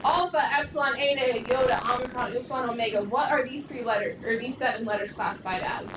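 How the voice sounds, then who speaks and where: A woman's voice: on the high side, fast, background noise. A woman teaching a Greek class, leading students through pronunciation drills with encouraging call-and-response. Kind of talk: classroom lesson. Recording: echoey classroom from far off.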